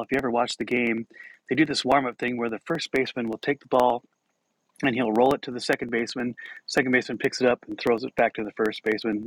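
Brief: male podcast host, chuckling storyteller, average pitch, dry close sound. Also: no echo, poor audio. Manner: self-deprecating, chuckling as he tells it. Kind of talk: casual personal storytelling.

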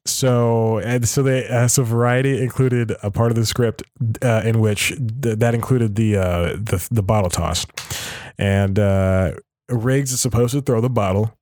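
A man's voice: on the low side, fairly even intonation, unhurried, darkish tone, no room sound, studio quality. A man hosting a podcast alone, reading an article aloud and commenting casually, chuckling often and correcting himself as he rambles. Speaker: podcast host.

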